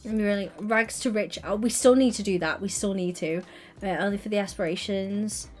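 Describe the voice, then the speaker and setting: Young woman, livestream chat, gushing, excitable, high squeals, faint background music. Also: moderate pace. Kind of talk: casual live stream chat.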